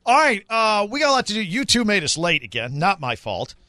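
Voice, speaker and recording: A man runs a sports radio show with a bright, high-set voice that jumps around a lot. He teases his co-hosts playfully. The sound is dry and close. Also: fairly quick, no echo. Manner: playful, teasing, animated. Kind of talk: casual sports radio banter. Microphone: studio microphone.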